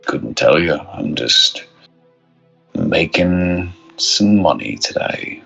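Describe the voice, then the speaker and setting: A man voicing a shifty male cart hauler with a low, soft Cockney voice. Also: sing-song, slow pace, creaky, slightly rough, muffled recording, soft background music, heavily acted.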